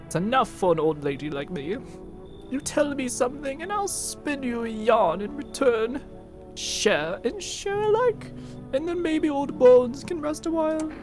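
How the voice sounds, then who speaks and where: An actress voicing a chatty, sly old woman traveller who speaks in a coaxing, sing-song, drawn-out way. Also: high-pitched, very animated, music in the background. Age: older.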